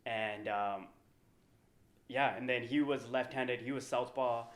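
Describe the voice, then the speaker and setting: A man's voice: medium pitch, fairly even intonation, takes it slowly. A man in his thirties, a professional fighter guesting on a podcast, telling a long story casually with lots of fillers. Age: 30s. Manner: rambling, filler-heavy storytelling. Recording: roomy echo.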